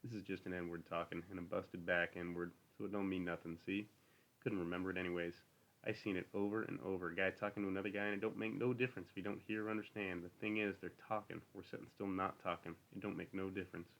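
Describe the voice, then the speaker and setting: A man's voice: sits low, flat delivery, quick pace, creaky, a bit bright. A man reading the part of a lonely, bitter older stable hand who talks in a brooding, needling rural drawl.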